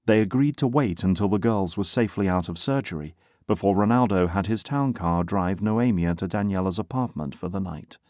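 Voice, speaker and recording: Male audiobook narrator, low voice, steady reading, dry recording. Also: brisk, hardly any pauses, no room sound. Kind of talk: scripted narration.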